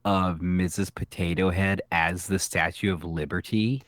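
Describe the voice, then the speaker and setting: A man's voice: low-pitched, steady tone, unhurried, fairly bright tone, no room sound, studio quality. A podcast co-host trading sassy, bawdy quips and teasing his partner in casual banter.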